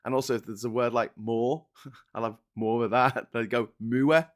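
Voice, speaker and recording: A man's voice: mid-range voice, level tone, moderate pace. A man hosting a casual livestream from home, reading chat aloud and ranting sarcastically, laughing between lines.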